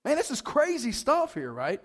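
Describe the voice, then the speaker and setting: A male pastor delivers a casual, conversational sermon in a notably high voice. He keeps checking in with "right?" and swells loudly when he drives a point home. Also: moderate pace. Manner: animated, rises loud for emphasis; high-pitched voice.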